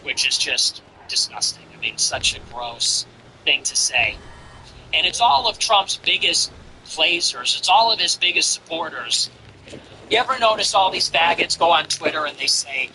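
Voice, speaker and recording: A man's voice: fairly high pitch, expressive, normal speed, sharp tone, slight background noise, poor audio. A man giving blunt, profane, mocking casual political commentary.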